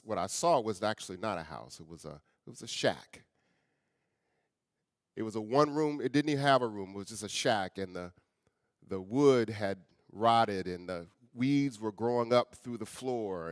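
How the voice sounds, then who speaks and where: A middle-aged man, a guest speaker and author, telling a personal story in an earnest, conversational way and often dropping to a soft, quiet voice. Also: fairly low pitch, expressive, normal speed, no room sound, studio quality. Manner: earnest, conversational, addresses audience as y'all; often drops soft and quiet for emotional moments.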